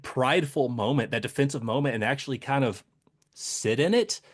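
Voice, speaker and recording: A man hosting a podcast, asking candid, self-deprecating questions in a relaxed conversational way. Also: medium pitch, a little fast. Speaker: podcast host. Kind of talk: conversational interview.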